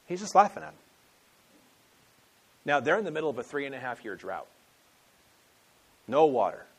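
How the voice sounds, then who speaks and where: A man teaching a sermon on scripture in a conversational storytelling manner, acting out the quotes. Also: mid-range voice. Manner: conversational storytelling, acts out quotes, frequent restarts. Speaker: preacher. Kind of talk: expository sermon.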